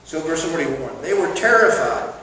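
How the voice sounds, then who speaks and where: Animated preacher in an echoey church. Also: male voice, on the high side, moderate pace. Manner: animated, acts out quoted lines loudly. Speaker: pastor. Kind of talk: sermon. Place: church sanctuary. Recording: echoey hall from far off, noisy.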